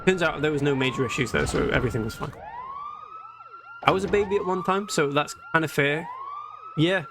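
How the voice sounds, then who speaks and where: Gravelly joking man streaming a game. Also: on the high side, brisk, noisy background. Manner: joking, rambling, reads game text aloud. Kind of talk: casual live-stream gameplay chat. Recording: game music and siren alarm behind.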